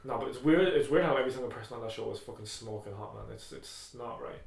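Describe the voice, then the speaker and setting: A man's voice: mid-range voice, fast talker, gravelly. A young man co-hosting a podcast, chatting casually, loose and swearing freely. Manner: loose and crude, swears a lot. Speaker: podcast co-host. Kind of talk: casual chat. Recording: echoey room.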